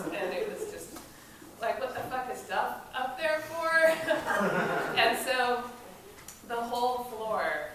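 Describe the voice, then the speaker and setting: A woman telling a casual, lively story at an event, swearing and laughing as she goes. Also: medium pitch. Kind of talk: casual spoken anecdote. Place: event space during a film screening. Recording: echoey room from far off, noisy.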